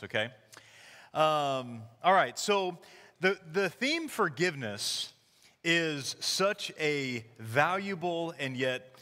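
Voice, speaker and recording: A man in his thirties preaching a casual, conversational sermon as the church's pastor, telling stories with animated quoted voices. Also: mid-range voice. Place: church sanctuary. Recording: long hall reverb.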